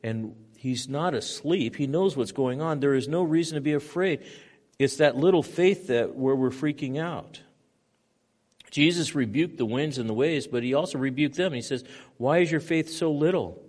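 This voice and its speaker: A man pastor preaching a sermon, moving between loud emphatic stretches and quiet hushed passages. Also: mid-range voice, normal speed.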